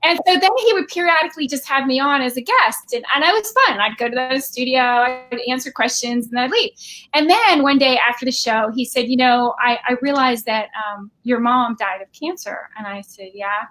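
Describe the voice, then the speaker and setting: A woman guest telling a lively personal story on a video call, acting out quoted voices. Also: high-pitched, moderate pace. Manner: animated, acts out quoted voices. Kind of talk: storytelling in casual chat.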